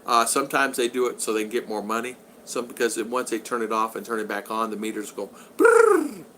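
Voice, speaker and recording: A man's voice: mid-range voice, fairly even intonation, fast, bright, forceful tone, slight background noise. An older man from Utah, casually chatting on a livestream from his home and answering viewer comments in an upbeat, rambling way. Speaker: livestream host. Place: home in the Philippines.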